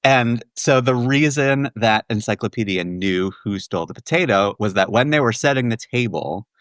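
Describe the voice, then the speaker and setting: A man's voice: lowish voice, clean tone, no room sound. Laughing man telling a story. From Washington, D.C. area. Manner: animated storytelling, laughs often. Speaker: guest, musical theater writer. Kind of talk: casual podcast chat.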